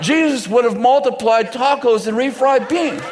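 A man's voice: very high voice, some chatter behind. A man preaching a humorous sermon before a live audience, laughing often and acting out the dialogue of the story he tells. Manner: jokey, laughs often, acts out dialogue in quick voices. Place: large church hall before a live audience. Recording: reverberant hall with faint audience and noise.

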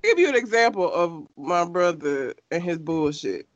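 A woman's voice: lowish voice, normal speed, no echo. A woman in casual conversation, telling stories with lots of laughter and animation. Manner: animated storyteller, laughs often. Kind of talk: casual chat. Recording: dull lo-fi sound, dry.

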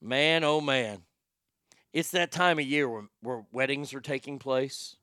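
A man's voice: medium pitch, a little slow, pushed and bright, clear, resonant tone, no room sound, studio quality. A man hosting a show, talking in a folksy, rambling, profane way with many restarts. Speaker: show host. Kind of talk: casual talk-show monologue.

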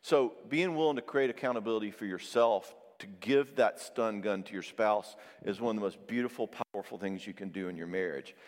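A man's voice: lowish voice, a little fast, hardly any pauses, big-room sound. A man giving a conversational Christian talk on marriage, acting out both sides of conversations as he tells stories. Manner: animated storyteller who acts out both sides of conversations. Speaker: marriage counselor and speaker.

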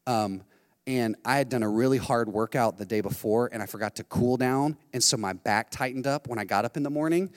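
A middle-aged man preaching a sermon, telling a lively story and acting out what people said. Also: mid-range voice, fairly quick. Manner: animated storytelling, acting out quotes. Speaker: pastor. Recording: long hall reverb.

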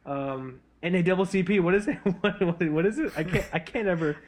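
A man's voice: high-pitched, brisk. Rambling, profane man telling a story. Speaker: podcast co-host. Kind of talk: casual chat.

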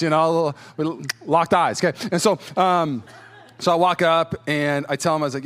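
A man preaching a sermon as a pastor, telling a personal story in an animated way, acting out quotes in different voices and chuckling often. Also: on the high side, moderate pace. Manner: chuckles as he talks.

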